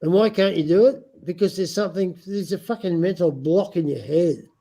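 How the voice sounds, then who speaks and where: A man's voice: high-pitched, normal speed, creaky, dark tone. A man with a non-American English accent, lecturing insistently in a heated casual argument and repeating his points.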